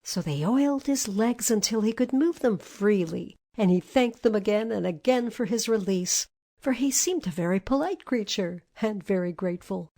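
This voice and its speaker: A woman narrating a storybook in a calm, even storytelling manner. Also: medium pitch, normal speed.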